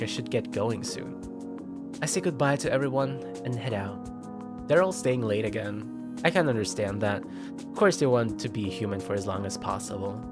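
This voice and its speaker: Guy streamer reading a visual novel out loud, animated, game music going underneath. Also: medium pitch. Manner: expressive, jumps into loud yelps and laughs.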